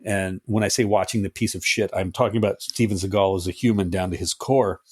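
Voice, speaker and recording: Husky low-voiced man in a dry close-mic chat. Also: fairly even intonation, fairly quick, no room sound. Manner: profane, joking, does mocking quoted voices. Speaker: podcast co-host. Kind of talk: casual chat.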